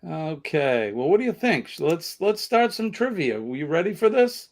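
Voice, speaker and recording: A man's voice: fairly high pitch, very animated, moderate pace, a little mellow. A man with a Boston accent hosting a casual trivia livestream, chatting and reading out viewer comments. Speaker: trivia show host.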